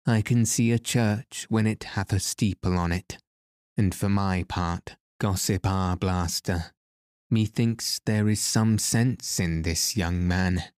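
A man's voice: low voice, fairly even intonation, takes it slowly, a little mellow, smooth, no room sound, clean studio sound. A man reading aloud as a greedy, foolish older townsman who blusters and boasts. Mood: blustering.

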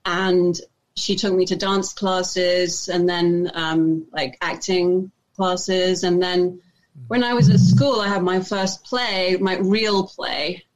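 A woman's voice: on the low side, level tone, slow pace, rough recording. A woman from England with a British accent, an actress talking casually as an interview guest, hesitant with many restarts.

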